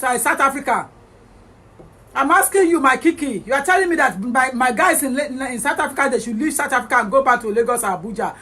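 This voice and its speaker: A woman's voice: high-pitched, a bit bright, slightly rough. A woman with a Nigerian Yoruba-English accent, hosting a heated livestream rant, scolding her viewers and switching between English and Yoruba. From born in England. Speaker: livestream host.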